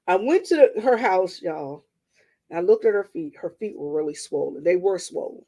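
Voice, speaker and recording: A woman's voice: on the low side, normal speed. An older woman, telling a family story casually to her viewers. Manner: animated, talks straight to listeners. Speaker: vlogger.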